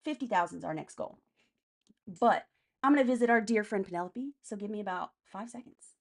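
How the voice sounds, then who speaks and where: A woman's voice: medium pitch, brisk, gravelly. A woman hosting a casual political live stream, answering chat comments by name in a blunt, profane way.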